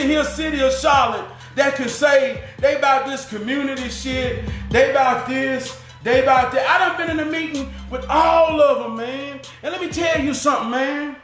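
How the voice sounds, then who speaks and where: Man, impassioned profane rant, very high voice, echoey room, faint music. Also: sharp tone. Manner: fiery, profane, preaching.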